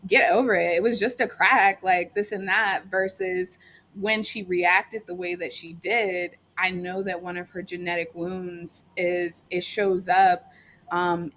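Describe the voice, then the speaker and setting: Middle-aged woman chatting on a talk show, lowish voice, faint hum behind. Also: fairly bright tone. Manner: chatty, storytelling with lots of fillers. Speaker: guest. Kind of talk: casual talk show conversation.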